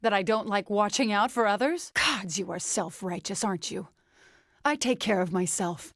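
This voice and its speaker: An actress voicing a stubborn, defensive young farmer woman in a fantasy video game, talking with hesitant pauses. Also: medium pitch, a bit bright, dry recording, clean studio sound, close to an everyday voice. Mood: angry. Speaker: game companion character.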